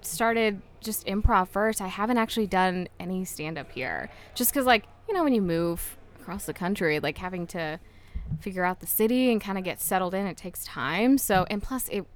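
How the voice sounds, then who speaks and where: Young woman, comedian guest, casual podcast chat, giggly, animated asides. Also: mid-range voice, normal speed.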